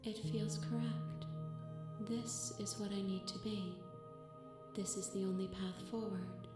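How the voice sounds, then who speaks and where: A woman voicing a calm, introspective cosmic goddess princess in a video game, speaking slowly and poetically. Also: mid-range voice, natural voice. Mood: reflective. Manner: slow, solemn, poetic. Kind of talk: game dialogue. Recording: echoey game audio with loud music. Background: game music.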